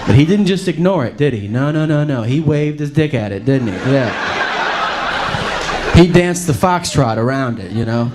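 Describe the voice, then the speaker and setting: A man doing a loud, profane stand-up routine with mock outrage. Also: mid-range voice, expressive, moderate pace, heavy background noise. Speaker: stand-up comedian.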